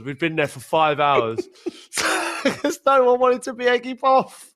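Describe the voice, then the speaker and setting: A man's voice: on the high side, sing-song, moderate pace, a bit bright. Laughing man telling football stories. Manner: laughs through his stories, repeats words, acts out quotes. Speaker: podcast host, former footballer. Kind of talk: casual anecdote telling.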